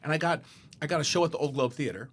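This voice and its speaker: A man's voice: on the high side, racing, breathy edge. A middle-aged man from Southern California, a stage director and choreographer, telling stories in an interview and rambling with frequent restarts and laughs. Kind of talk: casual interview storytelling.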